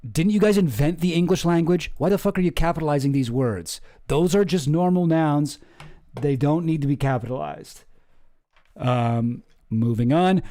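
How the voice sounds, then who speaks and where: Sarcastic swearing man, lively pitch. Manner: sarcastic, ranting, swears a lot; mocks official statements in a pompous read-aloud voice. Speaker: commentary streamer. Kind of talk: casual profane commentary.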